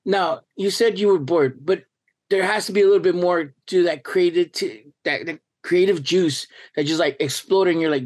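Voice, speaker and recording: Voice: mid-range voice, moderate pace. Enthusiastic rambling podcast host. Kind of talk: casual interview talk.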